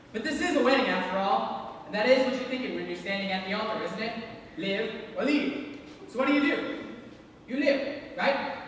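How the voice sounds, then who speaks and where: Picture a young man acting out a lonely middle-aged theatre buff, chatty and confiding, his voice pitched very high. He is heard from far off in a booming, echoing school hall with a long reverb tail. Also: fairly bright tone, a little hiss or hum. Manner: confiding, chatty asides to the audience. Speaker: stage actor. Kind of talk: school stage musical performance. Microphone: distant room mic.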